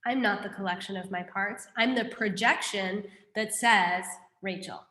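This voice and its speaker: A woman teaches a class on a Buddhist text, explaining it in a lively, conversational way and putting questions to her students. Her medium-pitched voice moves a little slowly, and the room is reverberant.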